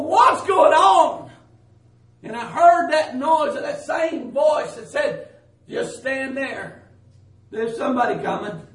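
A man's voice: very high-pitched, a bit bright. A man giving an emotional testimony about a dream, crying out dramatically and repeating himself. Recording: echoey room, mic at a distance.

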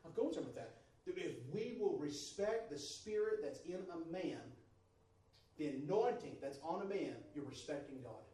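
A man preaching a sermon to a congregation, moving from quiet, steady talk to loud, fervent shouting. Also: on the high side, normal speed, recorded from a distance. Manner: builds from soft to shouting fervor. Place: church service. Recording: roomy church sound from off-mic. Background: congregation responses.

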